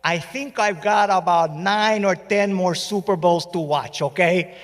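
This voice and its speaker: A man's voice: high-pitched, unhurried, voice pushed up. A man voicing his elderly Cuban father in his late eighties, fond and wry, over a live hall echo.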